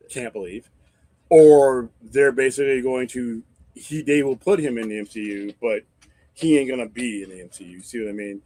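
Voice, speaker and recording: A man's voice: mid-range voice, a little mellow, dry recording. A man hosting a casual live-stream chat, rambling and swearing freely as he thinks aloud with restarts. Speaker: host.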